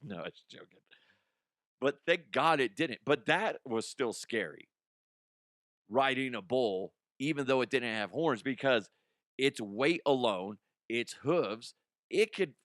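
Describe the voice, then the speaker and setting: A man's voice: mid-range voice, a bit bright, no echo, studio quality. Profane laughing man ranting on a podcast. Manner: profane, laughing, mocking put-on voices. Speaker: comedy news podcast host. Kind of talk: casual comedic rant.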